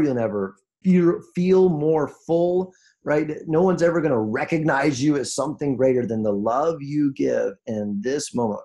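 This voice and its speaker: Man, gravelly tone, emotional motivational speaker on a video call, earnest, restarts a lot. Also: fairly high pitch, normal speed, dark tone. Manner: earnest, emotional, many restarts, voice rises when moved. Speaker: guest speaker on a group call. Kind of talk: heartfelt motivational talk.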